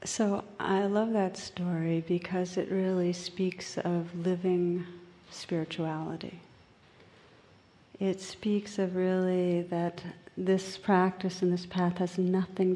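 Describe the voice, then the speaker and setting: A woman meditation teacher giving a slow, gentle dharma talk in a meditation hall. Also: lowish voice, flat delivery. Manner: slow, gentle, soft-spoken.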